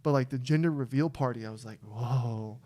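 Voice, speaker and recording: A young man co-hosting a casual podcast chat, rambling and getting fired up in loud bursts before dropping back to low mutters. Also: fast. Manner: excitable, swings from low mumble to loud outbursts. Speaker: podcast co-host.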